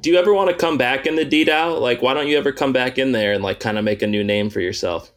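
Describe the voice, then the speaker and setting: A man's voice: medium pitch, fast talker. A man co-hosting a casual podcast, dropping dry wisecracks and short questions. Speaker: podcast co-host. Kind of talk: casual chat.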